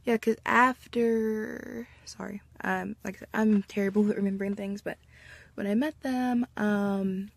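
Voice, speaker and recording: A woman's voice: mid-range voice, steady tone, measured pace, vocal fry, rough recording. A woman, telling a rambling story to camera at home with lots of fillers. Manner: rambling and chatty, with many fillers and restarts. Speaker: vlogger.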